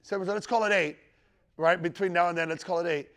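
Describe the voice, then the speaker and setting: A man's voice: high voice, fairly even intonation, quick pace, a bit bright. A man teaching the Bible about the end times to a live group, talking conversationally and checking in with his listeners. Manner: conversational, checks in with the room, quotes scripture with rising emphasis. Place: teaching room with a live audience.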